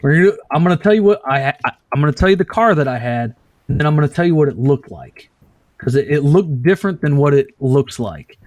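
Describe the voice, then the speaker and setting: A male podcast host in casual chat, swearing freely and telling a lively story. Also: a little high, fairly quick, dry recording. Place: at a desk, showing pictures to a guest.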